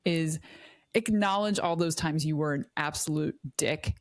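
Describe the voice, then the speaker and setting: A middle-aged woman with a very low voice hosts a podcast in a reflective, wry way, often correcting herself. The recording is dry and close. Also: moderate pace, dry recording. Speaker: podcast host. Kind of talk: casual podcast chat.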